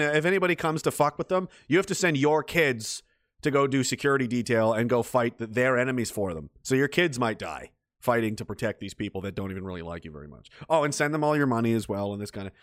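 A man's voice: medium pitch, lively intonation, fast, dry recording. Give me a heated, profane man on a rambling rant, recorded dry with no room sound. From Canada. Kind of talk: casual ranting monologue.

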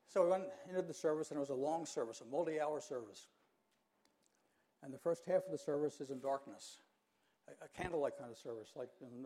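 Older male pastor, mellow earnest sermon. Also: medium pitch. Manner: earnest, measured preaching with emphatic pauses.

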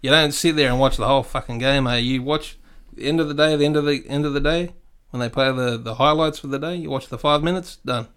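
A man's voice: mid-range voice, quick pace, a bit bright, clean tone. An Australian man chatting on a podcast. He is blunt, swears a lot and drops "mate" into nearly every sentence. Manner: blunt, swears freely, keeps saying "mate". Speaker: podcast guest. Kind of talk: casual chat.

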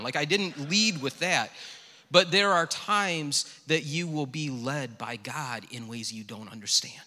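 A middle-aged male pastor delivers his sermon like a conversation, slipping into self-deprecating stories. His voice is bright and forceful, and it rings with the long reverb of a church hall. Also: a little high, a little slow. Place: church sanctuary.

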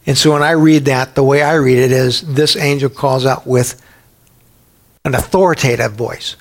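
A man's voice: medium pitch, steady tone, moderate pace. A middle-aged man preaching a Bible teaching sermon in a conversational way, sometimes acting out quoted voices. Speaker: pastor.

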